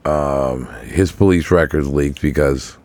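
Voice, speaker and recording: Very deep-voiced man, profane podcast banter. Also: slow, a little mellow, no echo. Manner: loose, profane, laughing banter. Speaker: podcast co-host. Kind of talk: casual chat.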